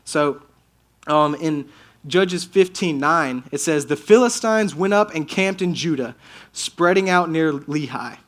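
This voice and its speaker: High-voiced young man preaching casually. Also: a little slow. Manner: animated storytelling with put-on quotes and slang. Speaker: youth speaker. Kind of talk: casual youth sermon.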